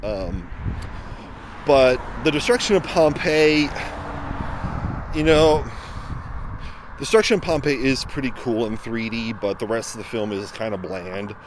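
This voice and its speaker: A man's voice: medium pitch, lively intonation, unhurried, pauses often, background noise. Rambling man talking outdoors by a road. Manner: rambling, many fillers and restarts. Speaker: film reviewer. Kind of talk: casual vlog review. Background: passing vehicles.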